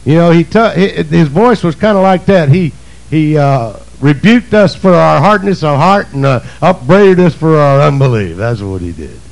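A male preacher delivering a sermon, emphatic and swinging between shouts and low asides. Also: expressive, moderate pace, gravelly, low-quality recording.

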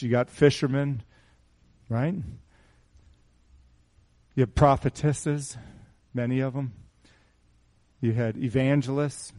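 A middle-aged man preaching a sermon in a small church, asking the congregation rhetorical questions in an animated way. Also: mid-range voice. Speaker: pastor.

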